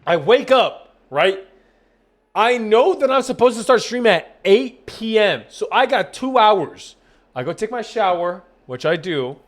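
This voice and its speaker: Young male streamer with a slightly high voice, casual and profane, rambles through a story and acts out the dialogue. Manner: rambling, profane, animated retelling with quoted dialogue. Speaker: gaming streamer.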